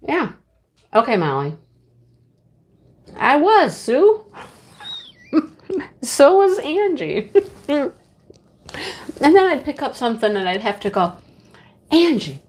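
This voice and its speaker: A middle-aged woman hosting a casual livestream, chatting with viewers by name and laughing often. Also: medium pitch. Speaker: livestream host.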